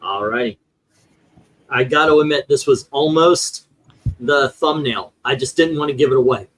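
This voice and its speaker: A man's voice: medium pitch, moderate pace, a bit bright, poor audio. A man hosting a casual chat, rambling through his points with lots of fillers and restarts. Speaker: host.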